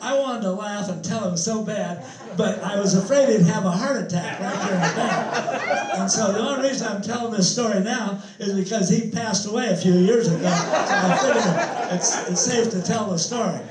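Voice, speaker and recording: A man's voice: high-pitched, normal speed, crowd noise. An older man telling rambling, chuckling stories as a guest speaker at an evening talk. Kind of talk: storytelling talk. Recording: echoey hall.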